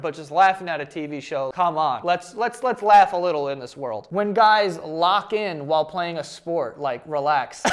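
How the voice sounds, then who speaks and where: Guy with a high voice riffing on stuff, swears a lot, super animated. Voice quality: profane and animated. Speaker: host. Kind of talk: casual comedic reaction commentary.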